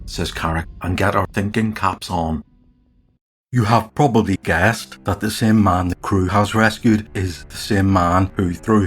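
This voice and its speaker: A man with a slight cold in his throat, narrating a solo tabletop campaign as game master and reading every character's lines in one steady storytelling voice. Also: deep voice.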